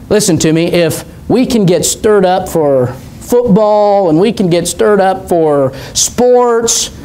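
A man preaching a sermon in a church, telling stories with fervor and building to shouts. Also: high-pitched, a little hiss or hum. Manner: fervent storytelling preacher, rising to shouts. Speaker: pastor. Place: church sanctuary.

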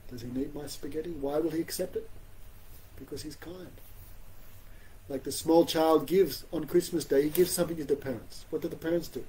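A man talks through a religious class in a relaxed, conversational way, often checking in with "you know?" and laughing softly at his own jokes. His voice sits a little high but sounds mellow and unforced. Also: fairly quick, slight background noise, rough recording. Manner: gently humorous, laughs often. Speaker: spiritual teacher giving a class.

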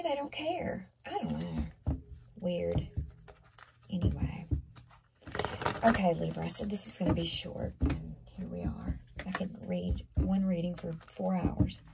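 A woman giving a tarot card reading to viewers, talking earnestly and conversationally, often dropping into soft half-whispers. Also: lowish voice, big pitch swings, measured pace, gravelly, very noisy. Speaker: tarot reader.

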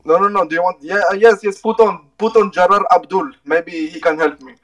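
A man's voice: high-pitched, brisk, fairly bright tone. A man in an online debate, sarcastic and teasing, who keeps interrupting and repeating his phrases. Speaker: debate opponent. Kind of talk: trolling online voice-chat debate.

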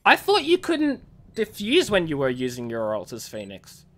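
An Australian streamer chatting casually while gaming, animated and avoiding swear words. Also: mid-range voice, moderate pace. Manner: animated, swaps swears for "fudge".

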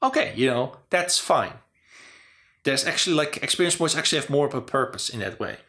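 A man's voice: medium pitch, expressive, brisk, sharp tone. A man hosting a casual talk about game design, rambling with lots of "you know" and "like". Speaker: channel host.

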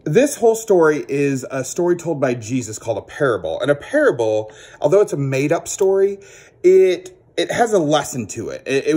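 A man teaching children a Bible story as a children's ministry teacher, animated and acting out the characters. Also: mid-range voice.

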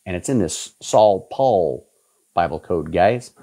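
Emphatic low-voiced preacher man in his fifties. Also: expressive, slow pace, warm tone, slightly rough. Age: 50s. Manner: emphatic, repetitive preaching with sudden pitch jumps. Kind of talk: sermon.

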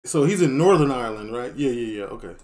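Male reaction host from Chicago, laid-back slangy delivery, ordinary middle pitch. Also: fast talker, noisy background. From Chicago, USA. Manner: relaxed, loose slang, trailing off. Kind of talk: casual reaction commentary.

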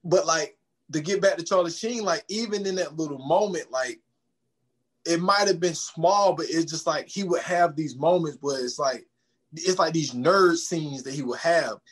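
Profane, fast-talking podcast host man. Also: fairly high pitch, breathy edge. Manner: profane, animated retelling with quoted dialogue. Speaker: podcast host recapping a film. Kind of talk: casual chat.

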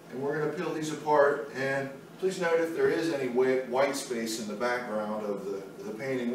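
A man walking through a painting demonstration step by step, in an easygoing way while he works. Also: medium pitch. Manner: easygoing, talks while working. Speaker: art instructor. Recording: very echoey room, mic far off, faint noise.

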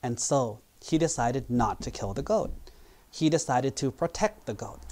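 A Buddhist monk delivering a daily sermon, telling an old parable in simple, measured sentences. His voice sits at an ordinary middle pitch for a man, plain and even. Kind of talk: sermon storytelling. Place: temple.

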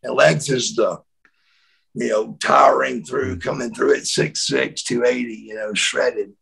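A middle-aged man from the United States, a former wrestler telling animated stories as an interview guest, repeating words as he acts out quotes. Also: mid-range voice, unhurried, gravelly, breathy edge, rough recording. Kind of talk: storytelling in a shoot interview.

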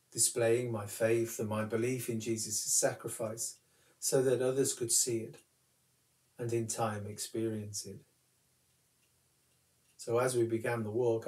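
A man who is a curate, giving a calm, reflective talk that tells a personal story. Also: medium pitch, reverberant, recorded from a distance. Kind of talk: recorded sermon talk.

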